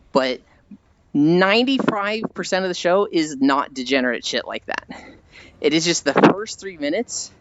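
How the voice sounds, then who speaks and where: Streamer guy, casual and rambling, dull lo-fi sound with faint music underneath. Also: on the high side. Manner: rambling, acts out scenes in put-on voices. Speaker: livestreamer. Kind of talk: casual stream chat while walking.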